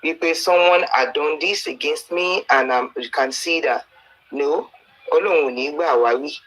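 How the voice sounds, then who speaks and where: Earnest Nigerian male preacher, bright and pleading, recorded as a dull lo-fi voice note. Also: on the high side, moderate pace. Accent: Nigerian, Yoruba-speaking. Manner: earnest, pleading, preachy, with Bible quotes and stories. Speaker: preacher addressing a campaigner. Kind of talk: exhortation mixing English and Yoruba.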